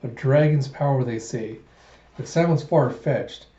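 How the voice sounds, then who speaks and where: A man's voice: mid-range voice, a little slow, warm tone, reverberant, highs cut off, close to an everyday voice. A man voicing a greedy bandit who talks casually about a scheme. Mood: scheming.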